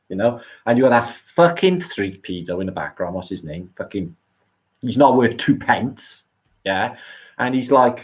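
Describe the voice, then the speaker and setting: A middle-aged man with a British accent talks off the cuff on a live stream, with a somewhat low voice. His delivery rambles and swears freely, jumping up and down in pitch as he gets worked up. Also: normal speed. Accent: British English. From England. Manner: rambling, profane, animated swings in pitch. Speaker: livestream host. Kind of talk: casual live-stream monologue.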